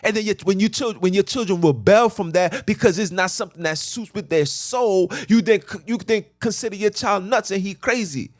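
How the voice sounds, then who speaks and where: A man with a notably high voice delivers a fervent, preachy rant while sitting in a car. He sounds agitated and keeps repeating himself for emphasis. The sound is close and dry, with almost no room echo. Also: fairly quick, hardly any pauses. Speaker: podcast host. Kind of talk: impassioned rant.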